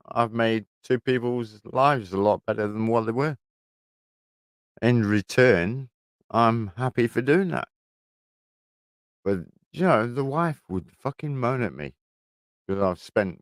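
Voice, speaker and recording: A man's voice: on the low side, animated, slow, long pauses, no room sound. A man, chatting casually on a livestream from his shed, telling rambling stories full of swearing. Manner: rambling storytelling, heavy swearing. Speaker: livestream host. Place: garden shed.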